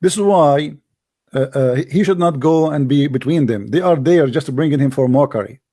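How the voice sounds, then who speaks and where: A man's voice: a little high, moderate pace, warm tone, no room sound. Scornful man with dry close sound. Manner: scornful, insulting, laughs at his opponent, non-native grammar. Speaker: commentator reacting to a debate clip. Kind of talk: mocking reaction commentary.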